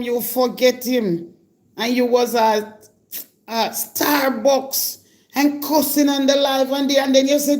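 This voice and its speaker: A woman's voice: fairly high pitch, fairly even intonation, unhurried, a little mellow. Jamaican woman, live-stream host, scolding and indignant, calls people out directly. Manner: scolding, indignant, addresses her target directly. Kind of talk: confrontational live-stream rant.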